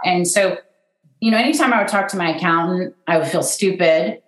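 A middle-aged woman, a guest who runs an event business, telling her story in a candid, self-deprecating and animated way. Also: lowish voice, a little fast. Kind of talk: personal storytelling in conversation. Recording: roomy echo.

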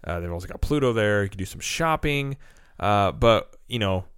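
A man co-hosting a casual chat, joking in a deadpan way. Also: on the low side, moderate pace, clean tone, dry recording, clean studio sound. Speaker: podcast co-host.

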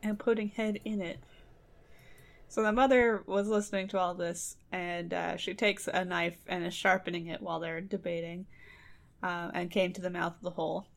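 A woman's voice: on the low side, level tone, moderate pace, creaky. A woman casually retelling a folktale on a podcast, chatty and laughing, briefly acting out the characters' lines.

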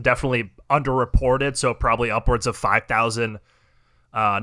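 Young guy on a podcast, swears a lot, goes off on rants, bright voice, dry mic. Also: medium pitch, no echo. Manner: ranting, profane, mocking impressions. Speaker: podcast co-host. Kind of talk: casual chat.

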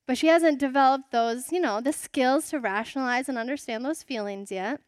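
Woman in her 30s preaching, high voice, chatty asides, dry close sound. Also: normal speed, no echo. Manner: warm storytelling, conversational with rhetorical asides. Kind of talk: sermon.

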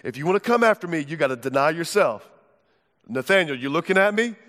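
A man's voice: a little high, expressive, fast, a bit bright. A man voicing Jesus as an earnest, casual figure who urges his followers to listen closely. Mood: earnest, urging. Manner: casual, direct, urging. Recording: long hall reverb.

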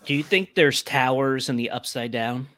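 A man's voice: mid-range voice, moderate pace, a bit bright. A man on a gaming podcast, chatting in a playful way and laughing easily. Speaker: podcast panelist. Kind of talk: casual chat.

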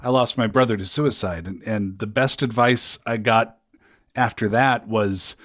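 A man conducting an interview, asking reflective questions in a measured, supportive way. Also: on the low side, a bit bright, no room sound, clean studio sound. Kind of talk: conversational interview.

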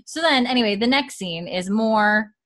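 A woman's voice: fairly high pitch, expressive, normal speed, fairly bright tone. A woman in casual chat, breezily retelling a TV episode with lots of "like" and "you know.".

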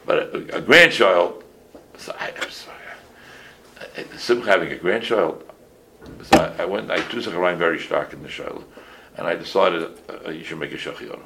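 A man in his sixties, a rabbi giving a casual halacha class full of stories, talking in an animated way with many restarts and Yiddish phrases. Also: deep voice, moderate pace, noisy background.

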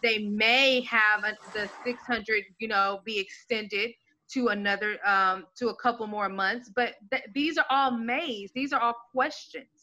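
Woman, mother, casual chat, high voice, bright and sharp, animated, swears, quotes herself. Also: unhurried. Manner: animated, laughing, swears freely, acts out her own reactions in quoted asides.

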